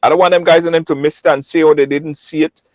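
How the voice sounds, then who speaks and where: A man hosting a live online talk show, lively and repetitive, greeting viewers by name. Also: on the high side, quick pace, dry recording, rough recording. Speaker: host.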